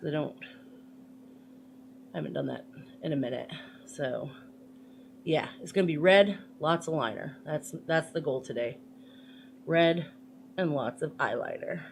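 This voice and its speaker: A woman's voice: deep voice, measured pace, vocal fry, pauses often, slight background noise. A woman chatting casually through a makeup tutorial, rambling with lots of fillers and playful asides. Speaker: makeup vlogger.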